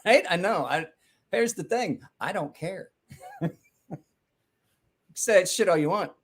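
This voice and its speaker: A man's voice: sits high, expressive, takes it slowly, breathy edge. A man hosting a casual podcast, teasing his friend with lots of swearing and laughter. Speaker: podcast host. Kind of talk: casual banter.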